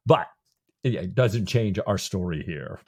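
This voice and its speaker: Podcast co-host, man, low voice with big swings, animated storyteller. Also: takes it slowly, gravelly, husky. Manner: animated storytelling with quoted lines. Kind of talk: casual chat retelling a novel.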